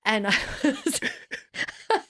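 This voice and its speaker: A woman's voice: fairly high pitch, sing-song, drawn-out words, bright, forceful tone, no echo, studio quality. A middle-aged woman in a casual interview, talking in a rambling, self-deprecating way and laughing often. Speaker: guest musician.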